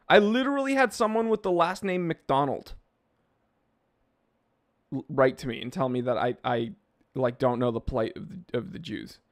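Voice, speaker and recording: A man's voice: fairly high pitch, expressive, fairly quick. A man hosting a casual live stream, reading out comments and joking in a loose, rambling way.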